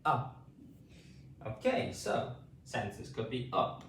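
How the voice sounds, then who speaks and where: A British man teaching phonics, repeating drawn-out vowel sounds slowly for beginners. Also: medium pitch, big pitch swings, roomy sound, distant mic, slight background noise. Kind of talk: slow spoken pronunciation lesson.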